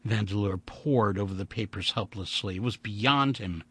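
A man reading a story aloud in an expressive, vivid storytelling way. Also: on the low side, normal speed, slightly rough. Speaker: audiobook narrator. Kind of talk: dramatic audiobook reading.

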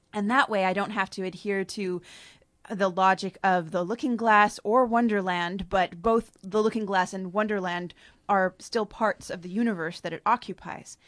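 A woman's voice: medium pitch, fairly even intonation, normal speed, fairly bright tone, no room sound, clean studio sound. A woman author, chatting casually with frequent laughs about her story, then reading from it. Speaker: author guest.

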